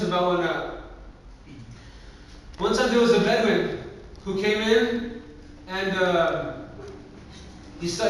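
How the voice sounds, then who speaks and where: Young guy giving a religious talk, high-ish voice, says like a lot, really echoey hall, mic far off. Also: a bit bright. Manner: casual, filler-heavy, acts out quoted voices. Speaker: youth speaker.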